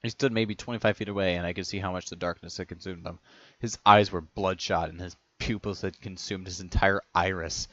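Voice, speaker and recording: Low-voiced man reading a story aloud. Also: moderate pace, bright, forceful tone, no room sound, lo-fi sound. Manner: stumbling over words, self-correcting as he reads. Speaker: reader of a fan story.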